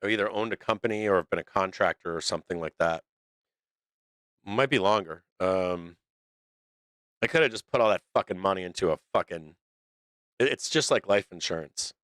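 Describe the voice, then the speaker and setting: A man's voice: deep voice, moderate pace, pauses often, fairly bright tone, dry recording. A middle-aged man hosting a stock market livestream, talking in a blunt, profane, rambling way full of restarts. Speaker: stock market show host. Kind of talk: casual livestream rant.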